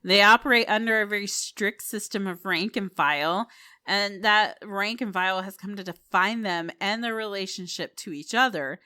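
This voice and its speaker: A woman co-hosting a casual podcast, talking in an animated, playful way and laughing often. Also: medium pitch, moderate pace, dry recording, clean studio sound. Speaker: podcast co-host.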